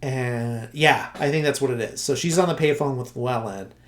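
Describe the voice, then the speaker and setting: A man's voice: medium pitch, moderate pace. Rambling man recapping a film. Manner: rambling, heavy filler words like "uh" and "like"; self-correcting, loses his train of thought. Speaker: podcast host. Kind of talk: casual podcast movie recap.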